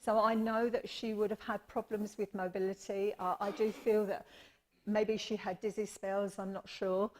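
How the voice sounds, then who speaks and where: A woman's voice: medium pitch, level tone, normal speed, a little mellow. A woman medium giving readings at a church service, chatty and affectionate, often calling people her lovely and apologising. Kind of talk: live mediumship demonstration.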